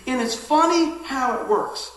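Lively high-voiced pastor in an echoey hall. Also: male voice, unhurried. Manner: lively storytelling, swings from shouting to hushed asides. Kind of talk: sermon.

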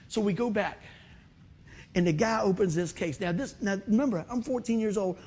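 A man's voice: high voice, moderate pace, slightly rough. A middle-aged man from West Virginia preaching a sermon through a long personal story, acting out the voices of the people in it. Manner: animated storytelling, acting out voices, bursts of loud whoops.

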